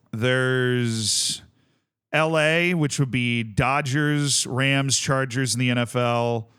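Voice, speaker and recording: A man's voice: medium pitch, fairly bright tone, clear, resonant tone. A young man from Tampa streaming a game, chatting casually and thinking aloud as he lists things and corrects himself. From Tampa, Florida. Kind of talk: casual livestream chat.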